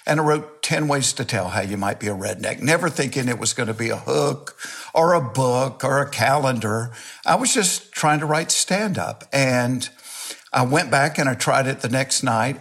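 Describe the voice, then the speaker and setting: Older man, southern US accent, folksy storyteller, self-mocking humor, average-pitched voice. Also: creaky, fairly bright tone. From Georgia, US. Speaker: guest comedian. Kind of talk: storytelling interview chat.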